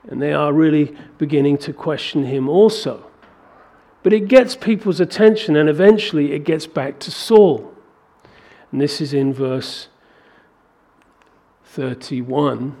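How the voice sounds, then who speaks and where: Man, pastor, sermon, church, somewhat high voice, animated, acts out scripture. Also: a little slow, gravelly. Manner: animated, acts out biblical dialogue in raised voice.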